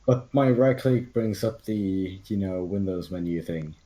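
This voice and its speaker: A man's voice: deep voice, a little slow, mellow. A man playing a tabletop game, puzzled and fumbling with the game controls. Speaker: player. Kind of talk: casual tabletop play.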